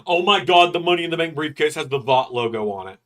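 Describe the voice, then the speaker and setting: A male streamer chats casually to his live audience. His voice sits a bit high, and he jokes with quick, animated asides between reactions. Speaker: streamer host.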